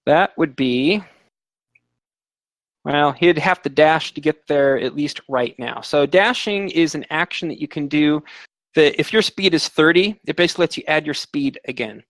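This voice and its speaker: A man's voice: a little high, moderate pace, a bit bright, dry recording. A man running a tabletop game as game master, rambling with fillers and restarts.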